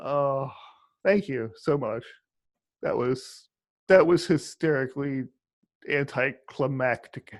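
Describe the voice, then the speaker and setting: A man hosting a casual interview, teasing his guest with wry remarks and halting restarts. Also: medium pitch. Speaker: podcast host.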